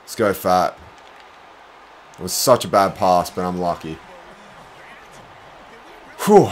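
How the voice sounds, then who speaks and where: A young man streaming a basketball video game, commenting live, groaning at his own mistakes and bursting into shouts. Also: low voice, slow, pauses often, slight background noise. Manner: excitable, groaning, self-deprecating, bursts into shouts. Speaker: gaming streamer.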